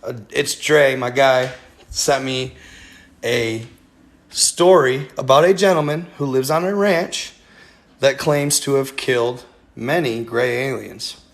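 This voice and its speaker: A man's voice: medium pitch, slow. A man hosting a casual livestream, rambling with many fillers and talking straight to his viewers. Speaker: livestream host.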